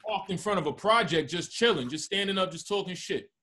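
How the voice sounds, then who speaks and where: A man's voice: high voice, brisk, bright, forceful tone, a little hiss or hum. A man, animatedly telling a story with lots of swearing in casual podcast talk. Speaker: podcast co-host.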